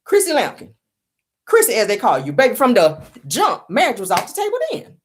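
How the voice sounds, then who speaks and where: A woman's voice: mid-range voice, wildly swooping pitch, a little fast, slight background noise. Sassy woman dishing celebrity gossip. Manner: sassy, opinionated, calls viewers honey. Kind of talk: casual celebrity gossip commentary.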